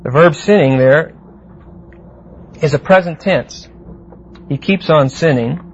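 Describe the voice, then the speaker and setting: Bible teacher guy explaining greek words, slow and deliberate, kinda high voice, muffled old tape. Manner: deliberate, explanatory, asks the class "see?". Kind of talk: verse-by-verse Bible class teaching. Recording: muffled lo-fi classroom tape with faint hiss.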